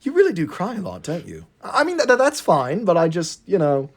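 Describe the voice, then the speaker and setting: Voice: medium pitch, wildly swooping pitch, a little fast. A podcast co-host telling a comedic story in casual chat, giggling and rambling with lots of fillers.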